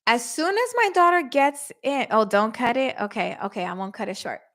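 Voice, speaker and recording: Animated woman host telling a story. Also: fairly high pitch, moderate pace. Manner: animated, acts out quotes with voice shifts. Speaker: podcast host. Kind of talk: casual storytelling to listeners.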